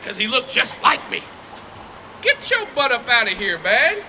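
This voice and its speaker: A man street preaching outdoors, loud and confrontational, firing rhetorical questions at passersby. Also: extremely high pitch, very animated, moderate pace, poor audio. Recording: street noise behind.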